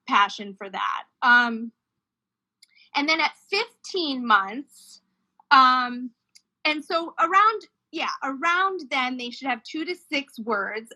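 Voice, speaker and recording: Bright high-voiced woman explaining clearly. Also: poor audio. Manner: explanatory, demonstrates baby sounds. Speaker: speech-language pathologist guest. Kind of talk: informative talk on child language development.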